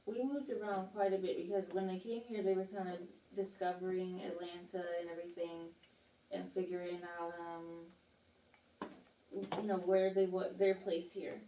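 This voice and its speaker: A woman's voice: lowish voice, flat delivery, normal speed, warm tone, lo-fi sound, slight background noise. A young woman from Georgia, chatting casually as a podcast guest, full of fillers and easy laughs. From Georgia, USA. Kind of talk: casual chat. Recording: echoey room, mic at a distance.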